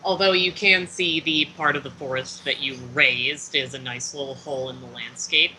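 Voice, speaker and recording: A man's voice: mid-range voice, fairly even intonation, normal speed, pushed and bright, slight background noise, rough recording. A man narrating as game master of a tabletop role-play game, casual and full of fillers.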